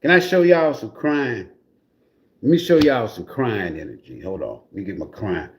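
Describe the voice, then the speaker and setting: A man's voice: on the low side, animated, moderate pace, slight background noise. A man giving a casual livestream tarot reading in a blunt, profane, mocking way. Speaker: tarot reader.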